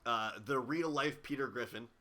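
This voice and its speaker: Hoarse, bright-voiced man rambling. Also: medium pitch, moderate pace. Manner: rambling, lots of fillers and restarts. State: hoarse, strained throat. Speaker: podcast co-host. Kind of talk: casual chat.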